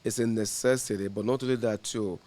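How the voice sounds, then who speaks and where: A man's voice: lowish voice, fairly even intonation, a little fast, darkish tone. A man, an insurance agent, telling stories in casual podcast conversation and laughing through his punchlines.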